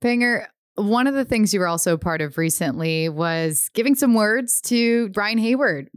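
A woman interviewer with a smooth, clear voice asks friendly questions and keeps the guest talking. Her sound is close and dry. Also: medium pitch, animated, normal speed, no echo. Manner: friendly, encouraging, brief reactions. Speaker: interviewer, show host. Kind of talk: casual interview.

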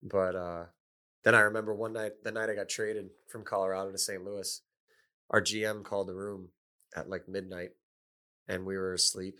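A man's voice: sits low, little pitch movement, moderate pace, bright, forceful tone. A middle-aged man, a former pro hockey player, telling chatty anecdotes with chuckles and loose fillers. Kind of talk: casual storytelling chat.

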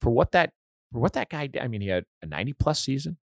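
A man's voice: mid-range voice, very animated, fast talker, gravelly, dry recording, studio quality. A man hosting a casual hockey podcast, an enthusiastic fan who rambles and restarts his sentences. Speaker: podcast host.

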